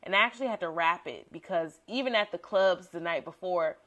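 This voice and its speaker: A woman's voice: lowish voice, a little fast, a bit bright, muffled recording. A young woman podcast host telling a story in a casual, slangy way, acting out quotes with big jumps in her voice.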